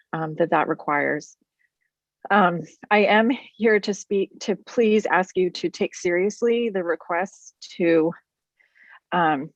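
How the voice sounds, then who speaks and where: A woman's voice: fairly low pitch, no echo, dull audio. A woman parent speaking at a school board meeting, earnest and a bit hesitant, with frequent ums. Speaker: parent public commenter. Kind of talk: public comment.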